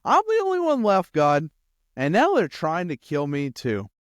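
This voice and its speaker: A man's voice: fairly high pitch, big pitch swings, normal speed, dry recording, studio quality, pitched above the performer's own voice. A man voicing an exasperated prophet who complains and pities himself. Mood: exasperated complaining. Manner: aggrieved, breathless complaining.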